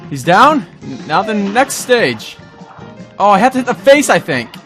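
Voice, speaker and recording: Excitable high-voiced young gamer man. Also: moderate pace, soft background music. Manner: excitable, yelps and shouts at the game; talks to himself and the enemies. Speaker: gaming YouTuber. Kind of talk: excited gameplay commentary.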